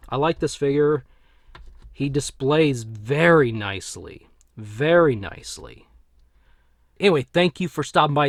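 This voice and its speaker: A man's voice: a little high, no room sound, studio quality. Rambling man reviewing toys. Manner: rambling, self-correcting, chuckles to himself. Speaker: toy reviewer. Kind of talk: casual action figure review.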